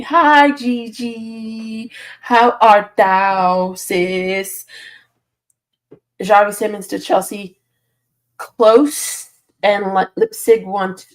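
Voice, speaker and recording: Sleepy woman on a morning live stream, reads chat out and laughs a lot, mid-pitched voice. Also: creaky. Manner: reads viewer comments aloud and answers them, laughs often. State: sleepy, yawning early in the morning. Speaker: football channel host reading live chat.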